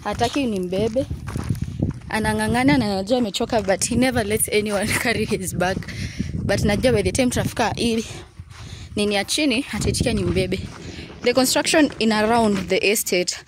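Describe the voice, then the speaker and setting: A woman's voice: mid-range voice, fairly quick, noisy background. A young Kenyan mother chatting casually in a vlog, switching between English and Swahili. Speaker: vlogger mother.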